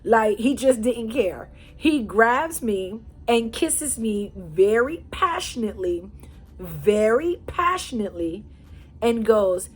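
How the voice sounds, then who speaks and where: A woman telling a personal story to her viewers in a chatty, animated way. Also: fairly high pitch, slow. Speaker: storyteller, channel host. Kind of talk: casual storytime vlog.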